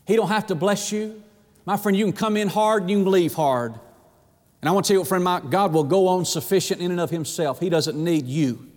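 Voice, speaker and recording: A high-pitched male preacher delivers a sermon with dramatic swings of voice. He acts out scripture quotes and addresses his listeners as friend. The sound rings with the long reverb of a large hall. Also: fairly quick, darkish tone.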